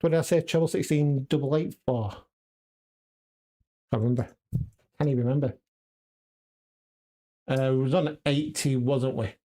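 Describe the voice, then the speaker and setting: A man's voice: mid-range voice, fairly even intonation, slow, long pauses, warm tone. Man muttering darts checkouts to himself. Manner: muttering checkout numbers to himself, chatty with viewers. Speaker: darts vlogger. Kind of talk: casual live-stream chat while practicing darts. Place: home darts room.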